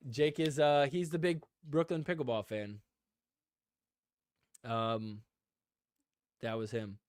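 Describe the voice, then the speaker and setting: A man's voice: medium pitch, little pitch movement, slow pace, a little mellow, smooth, no echo. Chatty man host, dry sound. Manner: rambling, lots of filler "like"; talks to viewers in the chat. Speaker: podcast host. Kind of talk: casual live-stream chat.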